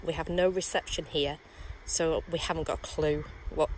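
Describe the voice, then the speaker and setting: A woman's voice: deep voice, moderate pace. Gushing Englishwoman by a railway line. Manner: emotional, gushing, near tears with excitement. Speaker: vlogger. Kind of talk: excited outdoor vlog chat. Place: outdoors by a railway line in the countryside. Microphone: handheld tablet camera. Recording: outdoor recording with clear background noise.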